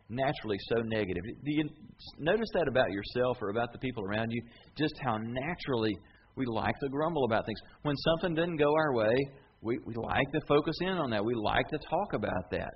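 A man's voice: mid-range voice, lo-fi sound, slight background noise. A middle-aged male pastor preaching a sermon in a conversational way, often asking the audience questions. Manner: conversational, repeats words, asks the audience questions.

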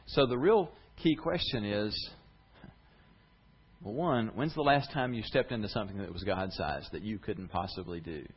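A man's voice: fairly low pitch, moderate pace, breathy edge, dull audio. A man preaching a sermon to his congregation, earnest and conversational. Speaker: pastor. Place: church sanctuary with congregation.

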